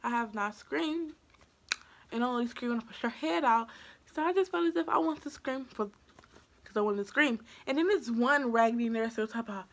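A young woman vlogger telling a personal story in a casual, animated way, acting out what people said and swinging from hushed to loud. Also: on the high side, brisk.

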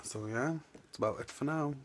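A man's voice: medium pitch, normal speed, slight background noise. A young man vlogging on a town street into a phone, chatty and self-mocking. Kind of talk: casual vlog chat.

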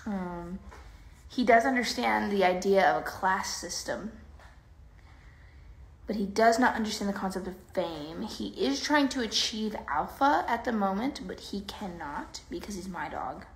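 A woman's voice: mid-range voice, lively intonation, a little slow. A woman chatting casually on a phone livestream, rambling and playful. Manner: rambling and playful, baby talk to her dog. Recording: echoey room with faint noise.

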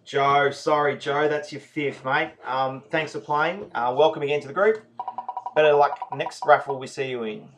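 A man's voice: a little high, normal speed. A man hosting a live raffle draw, chatty and laid-back, reading out names and often apologising to players. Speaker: raffle host. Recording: noisy home recording.

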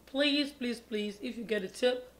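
A woman from Cameroon hosts a casual mukbang storytime vlog, chatting away, repeating her pleading words, and mumbling between bites. Her voice is on the high side and unhurried, with a little hiss or hum.

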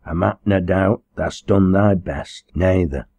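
A man's voice: low voice, takes it slowly, dark tone, husky, dry recording, exaggerated voice. A man voicing a stubborn young pit girl who speaks bluntly and steadily in a broad Lancashire dialect. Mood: stern.

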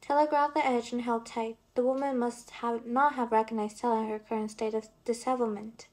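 A woman reading a fantasy novel aloud as an audiobook narrator. Her voice sits fairly high and her reading is steady and expressive. She occasionally stumbles over a word. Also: fairly quick, few pauses.

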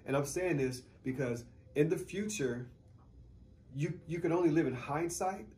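A man talking casually as a guest in a radio interview, an animated storyteller who uses street slang and laughs easily. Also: on the high side, normal speed. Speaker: guest choreographer.

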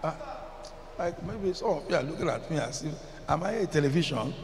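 Delivering a sermon as pastor, this Nigerian-accented man speaks a little fast in a somewhat high voice full of lively intonation. He stresses points hard, chants certain phrases, and quizzes his congregation, all within a big hall's long reverb and faint ambience.

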